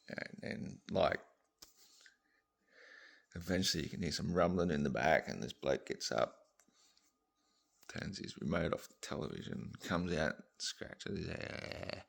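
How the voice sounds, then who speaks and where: A deep-voiced man spins a shaggy-dog joke in a loose, meandering way. His voice sits low and crackles with fry. He curses freely and wanders off on asides. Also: animated, normal speed, long pauses. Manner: rambling, swears, laughs at own tangents. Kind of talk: casual joke storytelling.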